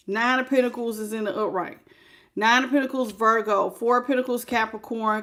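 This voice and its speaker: A woman, giving a lively, sassy live tarot reading straight to the viewer. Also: a little high. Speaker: tarot reader.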